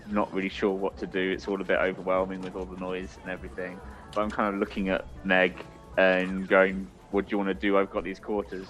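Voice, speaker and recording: A man quietly describing his character in first person, hesitant and unsure. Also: deep voice, low-quality recording. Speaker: player.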